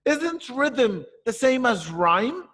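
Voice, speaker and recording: A man's voice: very high-pitched, very animated, slow pace, fairly bright tone, pitched above the performer's own voice, heavily acted. A man voicing a curious young male pupil who asks hesitant, apologetic questions. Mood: puzzled. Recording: echoey room with long reverb.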